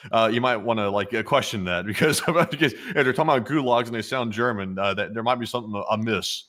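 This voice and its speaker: A man's voice: medium pitch, fast talker, few pauses, fairly bright tone. A man co-hosting a live stream, reading out viewer donations and messages with jokey asides in a casual way.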